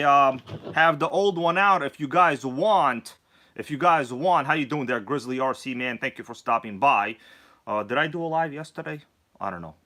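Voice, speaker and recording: A man chats to his live stream viewers, greeting them one by one. His voice is bright and forceful and sits a little high. He jumps from loud, jokey bursts to low asides. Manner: hyped, jokey, swings between shouting and mumbling. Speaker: livestream host. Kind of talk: casual live stream chat.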